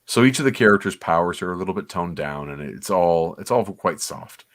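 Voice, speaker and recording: Man, very low voice, dry close sound, casual rambling commentary, eager. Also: animated, a little fast, fairly bright tone, no echo. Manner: enthusiastic, rambling, nostalgic. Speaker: comics podcast co-host.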